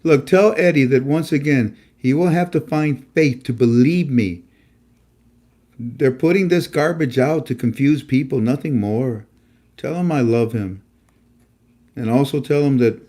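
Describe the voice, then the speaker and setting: A man's voice: medium pitch, measured pace, pauses often, warm tone. A man hosting a casual monologue show, talking emphatically and preachily, repeating himself and stammering often. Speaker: host. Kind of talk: casual live-stream monologue.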